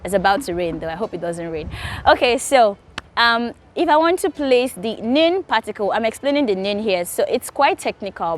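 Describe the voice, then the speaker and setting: A young woman from Nigeria teaching Korean grammar in a casual, patient way, repeating key points slowly. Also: fairly high pitch. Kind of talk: casual explanatory lesson.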